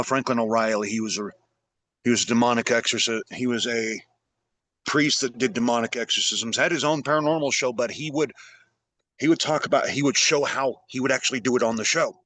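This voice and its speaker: A middle-aged man hosting a conversation, talking in an animated, rambling way. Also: mid-range voice. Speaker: podcast host. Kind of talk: casual conversation.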